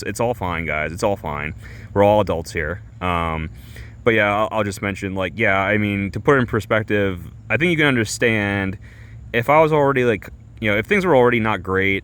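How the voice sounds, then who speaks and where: A man streamer telling a rambling comic story, halting and full of fillers and restarts. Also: lowish voice, fairly bright tone, clean tone. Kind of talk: rambling comedic monologue.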